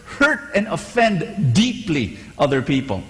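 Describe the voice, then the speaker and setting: A man preaching a sermon, animated and conversational, asking the congregation to repeat after him. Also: on the high side, a little slow, long reverb tail, rough recording.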